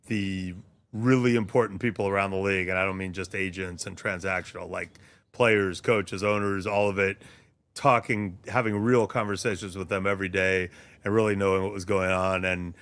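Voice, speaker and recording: Man, sports journalist guest, low voice, thoughtful, hesitant, casual. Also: a bit bright. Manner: thoughtful, many ums and restarts.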